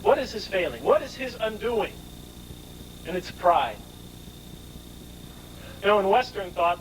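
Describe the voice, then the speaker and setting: A man with a high-pitched voice delivers a scripture lecture. He explains each point with emphasis and keeps posing rhetorical questions. A faint hiss of noise sits under his voice. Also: a bit bright, poor audio.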